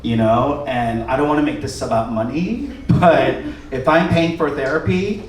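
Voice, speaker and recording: A man's voice: medium pitch, moderate pace. A man performing a stand-up comedy set with a wry, rambling, self-mocking delivery, live in a theater. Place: theater stage, live audience. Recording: echoey theater, far mic, crowd laughter.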